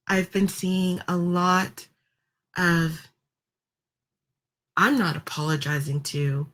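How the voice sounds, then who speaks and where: A woman with a somewhat low voice talks straight to camera in a casual commentary vlog. Her delivery is chatty and wry, broken by ums and quick laughs, speeding up when she gets worked up. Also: fairly bright tone. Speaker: vlogger.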